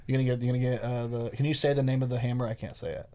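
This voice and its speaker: A man's voice: medium pitch, little pitch movement, over a noisy crowd. Laid-back man co-hosting a local podcast. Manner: laid-back, swears freely, quick plugs for events. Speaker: podcast co-host. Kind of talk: casual podcast chat.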